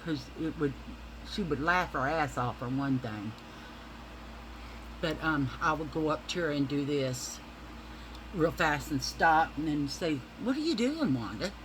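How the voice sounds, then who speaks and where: A woman's voice: low-pitched, measured pace, pauses often, background noise. A middle-aged woman vlogger telling a rambling, profane story in a casual way while she applies makeup.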